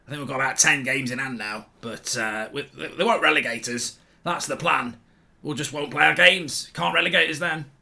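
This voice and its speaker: A man's voice: a little high, normal speed, creaky, pushed and bright, heavily acted. A man putting on the voice of a carefree young male footballer who rambles chummily in slang. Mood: cheerful. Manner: rambling, slangy, laid-back.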